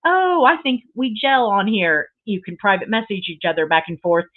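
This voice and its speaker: A woman's voice: mid-range voice, lively intonation, moderate pace. A woman hosting a casual crafting livestream, gushing and sentimental, rambling with lots of fillers. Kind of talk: casual live chat with viewers. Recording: tinny phone-like sound.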